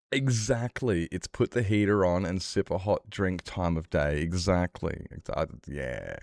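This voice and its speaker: A man's voice: low voice, animated, normal speed, vocal fry, a little mellow, dry recording, clean studio sound. A man streaming a game, rambling and joking as he talks back to his chat. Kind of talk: casual livestream chat while gaming.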